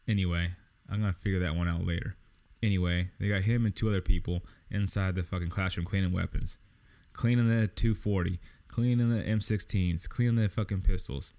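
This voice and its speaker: Deep-voiced man in a profane rant. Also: steady tone, fairly quick, darkish tone. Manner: profane, exasperated, lots of swearing. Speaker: podcast host. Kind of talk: casual storytelling rant.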